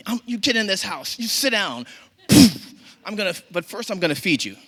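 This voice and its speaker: A man doing a stern older neighborhood mama, pitched high above his own voice and scolding at full volume. Her voice is bright and sharp, and she fusses as she orders a boy around. It is read live on a theater stage. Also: very animated, unhurried, slightly rough, full character voice. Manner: loud, scolding, fussing.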